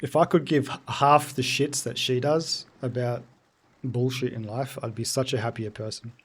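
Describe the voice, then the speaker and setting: A man's voice: medium pitch, steady tone, moderate pace, breathy edge. A man in his thirties chatting casually while streaming a game, loose and joking, answering his chat. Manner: loose, joking, sweary, talks to chat between game moments.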